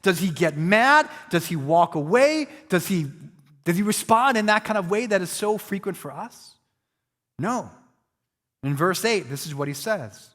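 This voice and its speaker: Pastor, male, high-pitched and animated, preaching in a hall with long reverb. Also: unhurried. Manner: animated preaching, acting out quotes, self-deprecating humor. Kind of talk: sermon.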